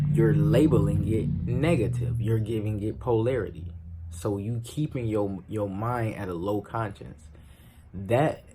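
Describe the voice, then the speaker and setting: A man's voice: lowish voice, darkish tone, a little hiss or hum. A young man vlogging to camera in a loose, slangy, emphatic way, swearing freely. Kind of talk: casual talk to camera.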